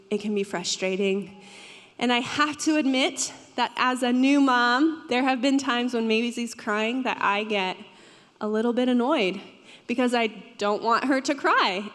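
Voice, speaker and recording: A woman's voice: high voice, fairly bright tone. Conversational young woman pastor preaching. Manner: conversational, asks the audience questions. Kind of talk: sermon. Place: church hall. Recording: long hall reverb.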